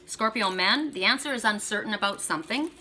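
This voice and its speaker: Bright-voiced woman giving an encouraging card reading. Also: mid-range voice, animated, fairly quick, slight background noise. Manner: chatty and encouraging, talks straight to the viewer. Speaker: tarot and oracle card reader. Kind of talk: oracle card reading for viewers.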